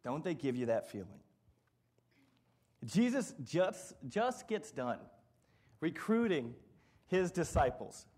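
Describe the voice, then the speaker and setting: A man's voice: fairly high pitch, big pitch swings, slow, long pauses, darkish tone, breathy edge. A middle-aged man preaching a sermon, telling funny stories and acting out what people said. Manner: storytelling, humorous, acts out quotes. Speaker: pastor.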